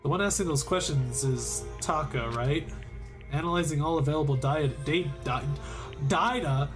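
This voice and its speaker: A man streaming a visual novel, reading the text aloud with excitable, goofy outbursts. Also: a little high, normal speed, music in the background.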